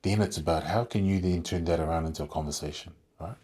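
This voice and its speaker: A man with a low, husky voice, talking as a guest on a podcast interview. He thinks aloud, circling back through fillers and restarts as he explains his work leading a contact centre. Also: quick pace, darkish tone. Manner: thoughtful, rambling with many fillers and restarts.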